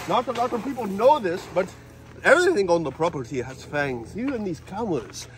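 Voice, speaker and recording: A man playing a campy fanged male vampire lord with a put-on vampire accent, theatrical and cackling, outdoors on a ranch. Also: on the high side. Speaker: wildlife ranch owner. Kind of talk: comedic in-character vlog.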